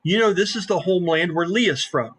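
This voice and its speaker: A man's voice: high voice, lively intonation, a little fast, a bit bright, breathy edge. A man running a tabletop game as game master, narrating in a rambling, casual way with many fillers.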